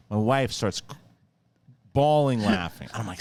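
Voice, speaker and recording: A middle-aged man hosting a casual chat, telling animated stories with frequent swearing and laughter. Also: on the low side, normal speed. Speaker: podcast host.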